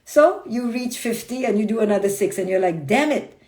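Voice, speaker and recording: A woman giving a motivational talk over a phone livestream, brisk and blunt, with a mid-range voice. She acts out the inner voices of her listeners with emphatic energy. The sound carries a roomy echo. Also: medium pitch, lively intonation, warm tone. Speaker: clinical psychologist and author.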